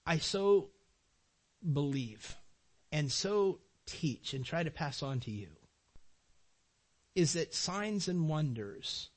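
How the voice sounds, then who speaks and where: High-voiced middle-aged man preaching. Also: slow, pauses often. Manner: animated, emotional, repeats phrases for emphasis. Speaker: pastor. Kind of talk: sermon. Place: church sanctuary.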